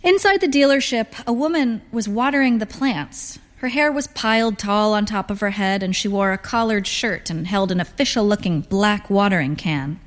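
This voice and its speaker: A woman narrating first-person literary fiction in a dry, deadpan manner. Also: medium pitch, moderate pace, hardly any pauses. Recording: long reverb.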